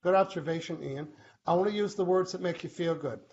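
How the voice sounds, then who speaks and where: A man with a somewhat high voice hosts a live online Q&A. He talks casually and brightens when he acts out small back-and-forth exchanges. The stream audio is muffled, with a faint hiss behind it. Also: a little fast. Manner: animated, acts out little quoted exchanges. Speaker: host.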